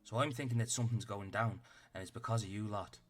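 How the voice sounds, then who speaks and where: A man's voice: fairly low pitch, steady tone, fast, faint music behind, close to an everyday voice. A man voicing a tiny, fierce female rabbit-folk captain who is bossy and stern, in a tabletop game. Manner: scolding, clipped commands.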